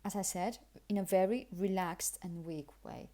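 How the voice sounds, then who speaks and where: A woman giving a pronunciation lesson, with a mellow, warm voice. She explains patiently and says each example sentence twice, first carefully and then softly and loosely, the way it sounds in connected speech. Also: lowish voice. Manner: models example sentences slowly, then repeats them relaxed and weak. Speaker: English pronunciation teacher.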